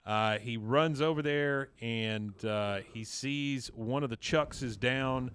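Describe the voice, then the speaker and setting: A man's voice: mid-range voice, slow, fairly bright tone, clean tone, no echo. Rambling man recapping an episode. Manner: rambling, many fillers, acts out lines. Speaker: podcast co-host recapping an episode. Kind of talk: casual recap chat.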